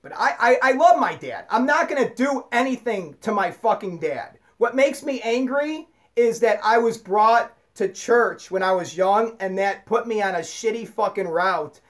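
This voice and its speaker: A man's voice: sits high, expressive, moderate pace, hardly any pauses. Profane, stammering ranting man. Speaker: vlogger. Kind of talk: angry unscripted monologue.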